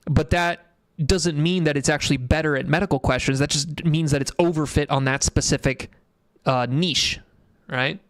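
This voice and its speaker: A man's voice: fairly high pitch, fairly even intonation, normal speed, a bit bright, no echo. Blunt, rambling male tech streamer. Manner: rambling, blunt and profane, reads chat aloud. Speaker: livestream host. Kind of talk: casual tech livestream commentary.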